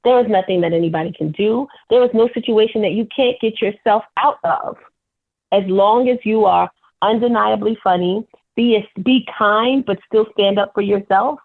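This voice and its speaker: Female stand-up guest on a phone line, candid storyteller, mid pitch. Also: moderate pace. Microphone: telephone.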